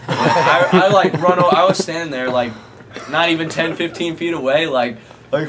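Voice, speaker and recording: A man's voice: on the high side, fairly quick. A young man casually telling a rambling, profane anecdote to friends, often laughing as he talks. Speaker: storyteller. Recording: noisy amateur recording.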